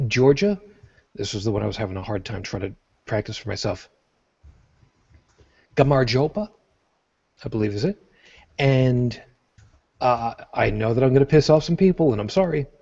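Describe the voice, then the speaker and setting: A rambling podcast host from Brooklyn talks in a New York accent, full of fillers and self-corrections. His voice is dark and mellow. The audio sounds dull and lo-fi. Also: mid-range voice, vocal fry, husky. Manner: rambling, jokey, with frequent fillers and restarts. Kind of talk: casual chat.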